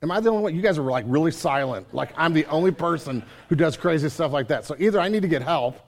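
Animated male pastor with a slightly high voice. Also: fast talker. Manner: conversational, asks the congregation questions; animated, acts out his own complaints to God. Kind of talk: sermon. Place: church service.

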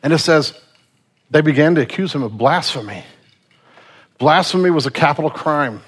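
A male pastor preaching a sermon in a casual, animated storytelling manner. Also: on the high side, normal speed, breathy edge.

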